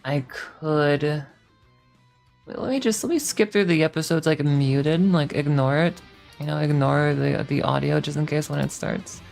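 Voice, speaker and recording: A woman streamer with a notably low voice chats casually, rambling and swearing with a sarcastic edge. Faint guitar music plays quietly in the background. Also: moderate pace, creaky.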